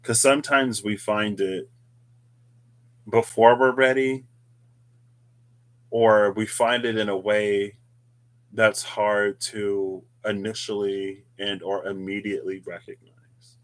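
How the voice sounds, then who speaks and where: A man's voice: on the low side, little pitch movement, takes it slowly, long pauses. A man hosting a tarot reading video, musing aloud in a casual, rambling way with chatty asides. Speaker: tarot reader, channel host. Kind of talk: casual reflective monologue.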